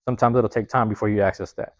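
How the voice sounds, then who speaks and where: A man's voice: lowish voice, steady tone, racing, no echo, muffled recording. A man hosting a podcast alone, rambling in a casual, profane monologue and tagging lines with "man", recorded on a phone. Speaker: podcast host.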